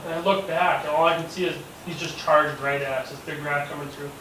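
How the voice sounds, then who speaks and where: A man telling a hunting story in casual chat, animated, acting out quotes and swearing freely. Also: on the high side, a little fast. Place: hunting camp gathering. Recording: echoey, distant, noisy camp recording.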